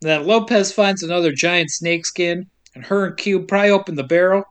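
High-voiced man wryly recapping a plot. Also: normal speed. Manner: wry, deadpan storytelling with frequent laughs and silly asides. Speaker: podcast co-host recapping a film. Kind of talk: casual comedic plot recap.

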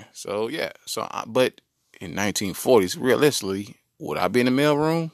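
A man's voice: medium pitch, lively intonation, moderate pace, gravelly, dry recording, studio quality. A man hosting a solo comedy podcast, riffing playfully and talking straight to his listeners. He is a parent with a daughter. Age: adult parent. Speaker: podcast host.

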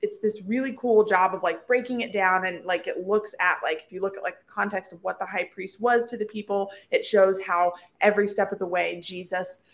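A woman's voice: mid-range voice, fairly even intonation, a little fast, hardly any pauses. Chatty woman podcast co-host. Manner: chatty, filler-heavy, reflective. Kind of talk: casual book-club chat.

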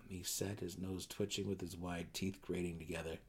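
A man narrating a dramatic reading of a fantasy novel, telling the story in a measured way and voicing each character. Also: low voice, level tone, darkish tone, husky.

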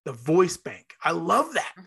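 A man's voice: on the high side, huge pitch swings, measured pace, gravelly, pushed and bright, slightly rough. A man hosting an interview podcast who talks enthusiastically, rambles a little and acts out short scenes. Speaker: podcast host. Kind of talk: interview conversation.

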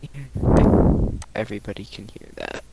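A man's voice: fairly low pitch, unhurried, vocal fry. A man teasing his friends in casual chat, blurting random lines. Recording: loud background noise.

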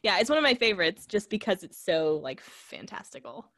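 A woman co-hosting a casual podcast, relaxed and rambling, giggling between thoughts. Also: mid-range voice, brisk, no room sound, clean studio sound. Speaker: podcast co-host. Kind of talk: casual chat.

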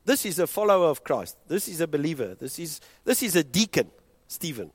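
A South African man preaching a sermon as pastor, impassioned and moving between hushed and loud delivery, switching between English and Afrikaans. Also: fairly high pitch, big pitch swings, brisk, breathy edge, dry recording.

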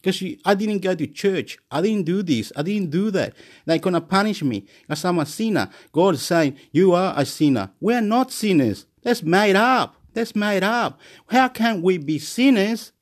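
A man from Chile with a somewhat high voice, rambling through a loose monologue. He lurches from loud, excited boasting down to quiet muttering, looping the same words again and again and laughing to himself. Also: moderate pace.

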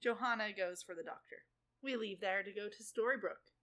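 A woman with a bright, clear voice talks through a television episode for a podcast. Her tone is loose and conversational, with quick asides and brief playful voicings of the characters she describes. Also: medium pitch. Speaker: podcast co-host recapping episodes. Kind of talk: casual chat.

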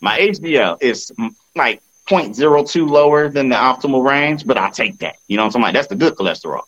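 A man's voice: medium pitch, expressive, fast talker, few pauses, a bit bright, highs cut off. A man co-hosting a podcast in casual chat, laid-back and often checking in with his listeners. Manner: laid-back, keeps asking "you know what I'm saying". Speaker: podcast co-host.

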